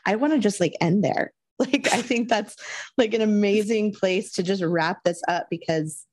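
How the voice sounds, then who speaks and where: A woman co-hosting a podcast in casual chat, warmly affirming her partner with frequent "yeah" and "wow". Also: mid-range voice, moderate pace. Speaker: podcast co-host.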